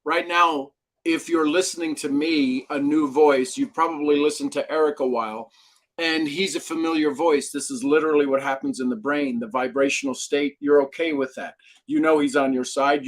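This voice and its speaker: A man's voice: fairly high pitch, moderate pace. A middle-aged man speaking as an expert guest in an interview, telling stories with energy. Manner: animated storyteller who acts out quoted dialogue. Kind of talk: interview conversation.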